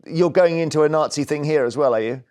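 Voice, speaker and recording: A man hosting a radio phone-in, talking in a brisk, challenging, jokey way. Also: fairly high pitch, darkish tone, clear, resonant tone. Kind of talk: casual talk radio.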